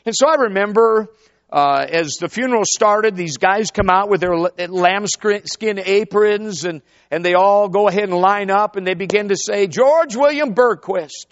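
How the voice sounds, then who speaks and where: A high-voiced man preaches a sermon before a church congregation, animatedly telling a story and calling out to the crowd. The recording is dry, with dull, lo-fi sound.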